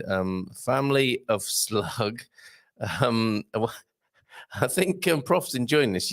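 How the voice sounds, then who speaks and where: A man hosts a live online morning show in casual chat, reading out viewer comments with jokes and puns. His voice is gravelly and swoops lively up and down. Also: mid-range voice, slow pace, no echo, clean studio sound. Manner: jokey and playful, laughs often, puns and put-on voices.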